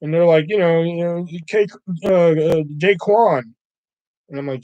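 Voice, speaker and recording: A man's voice: on the high side, fairly quick, darkish tone, no room sound, lo-fi sound. A man on a livestream telling rambling, profane stories, often acting out callers. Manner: profane, rambling, quotes callers in shifting voices. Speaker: livestream host. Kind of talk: casual storytelling chat.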